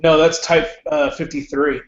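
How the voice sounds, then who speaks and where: A man in a casual online voice chat, telling a story in a relaxed way. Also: on the high side, normal speed, a little hiss or hum. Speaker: gun owner in an online voice chat. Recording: echoey, muffled voice-chat audio.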